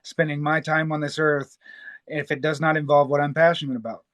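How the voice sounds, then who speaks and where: Excitable man from Memphis, dry sound. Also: on the high side, a little fast, dry recording. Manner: excitable, swears freely, laughs often. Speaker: live stream host. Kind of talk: casual chat.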